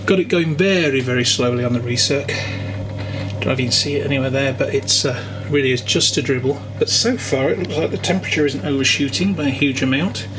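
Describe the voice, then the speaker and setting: Home brewer, chatty how-to, loud clattery noise behind. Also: male voice, on the high side. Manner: chatty, explaining as he works, wry asides. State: exerting while stirring. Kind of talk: casual how-to vlog narration. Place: home brewing setup.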